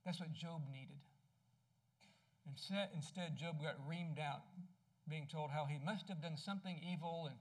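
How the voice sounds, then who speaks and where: Speaking at a normal pace, a male pastor preaches in a chatty style, quizzing his listeners and lowering his voice to a gentle hush for personal anecdotes.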